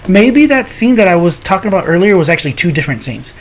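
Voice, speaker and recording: Higher-voiced man chatting casually. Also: big pitch swings, fast, a little hiss or hum. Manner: rambling, restarts often, thinks aloud. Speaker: podcast co-host. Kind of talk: casual film review chat.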